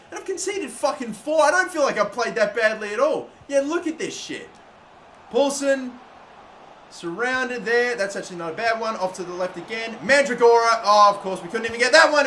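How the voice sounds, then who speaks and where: A young Australian man giving exasperated, swearing commentary over his own football video game, with sudden loud outbursts. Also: high voice, a little hiss or hum. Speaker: gaming YouTuber. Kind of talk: gameplay commentary.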